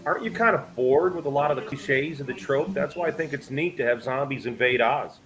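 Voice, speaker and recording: A man on a fundraiser stream, pitching items to viewers in a pushy, salesman-like way. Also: brisk, fairly bright tone. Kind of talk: casual chat. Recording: noisy stream audio.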